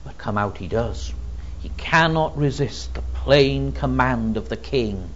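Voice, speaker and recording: A man preaching an expository Bible teaching, emphatic and expressive, with frequent ums. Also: medium pitch, a little slow, dull audio, slight background noise.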